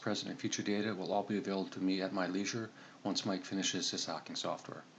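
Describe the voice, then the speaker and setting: Deep-voiced deadpan man narrating. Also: slight background noise. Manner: deadpan, matter-of-fact, with self-corrections. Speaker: storyteller. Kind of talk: comedic monologue narration.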